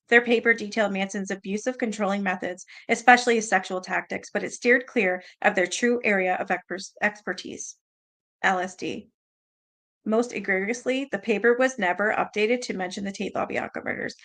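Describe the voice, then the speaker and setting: Speaking in a bright, forceful mid-range voice, the Canadian woman running the livestream reads aloud and chats casually with viewers. She swears freely and laughs often.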